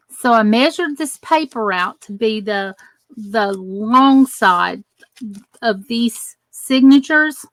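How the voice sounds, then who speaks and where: A woman's voice: fairly high pitch, fairly bright tone, no room sound. A middle-aged woman from the United States hosting a live crafting tutorial, chatting and greeting viewers by name as she works. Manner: chatty, greets viewers by name while working with her hands. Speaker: crafting channel host.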